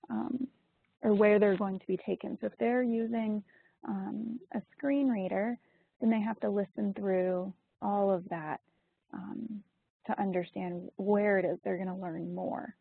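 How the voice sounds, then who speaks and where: Female webinar presenter, husky and explanatory, on a tinny dry line. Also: medium pitch, dry recording. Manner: explanatory, frequent ums and you-knows. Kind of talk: webinar lesson.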